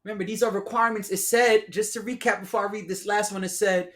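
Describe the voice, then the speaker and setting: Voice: medium pitch, fairly even intonation, fast talker, hardly any pauses, fairly bright tone. Sarcastic, slangy solo podcast host. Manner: sarcastic, laughs at own remarks; slangy, addresses listeners as y'all. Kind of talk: solo casual podcast commentary.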